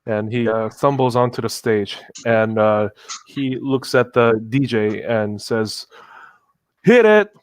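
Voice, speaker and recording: A man playing a tabletop game, describing his character's actions hesitantly with many pauses and restarts. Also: fairly low pitch, steady tone, no room sound. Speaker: player.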